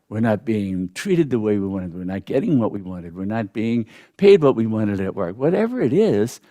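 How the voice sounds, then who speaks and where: An older man teaches meditation in a reflective, unhurried way. His mellow voice rises and falls with lively pitch, and he drops in soft thoughtful hums between points. The sound is dry and close. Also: dry recording. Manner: reflective, with soft "mm" and "hmm" pauses. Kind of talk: spiritual teaching talk.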